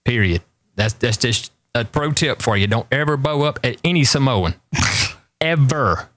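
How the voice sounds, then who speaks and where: A man's voice: mid-range voice, expressive, measured pace, fairly bright tone, no room sound. A man, hosting a show and telling rambling stories with emphatic repeated warnings. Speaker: talk show host. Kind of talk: casual storytelling chat.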